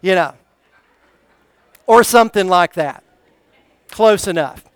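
High, smooth-voiced preacher man. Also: lively intonation, takes it slowly, no room sound. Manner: call-and-response preaching, questions to the congregation. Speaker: pastor. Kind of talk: sermon. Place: church service.

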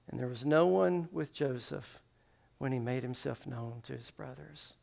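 A man's voice: mid-range voice, moderate pace, gravelly, darkish tone. A male pastor preaching a sermon, retelling a Bible story with emotion and briefly singing a refrain.

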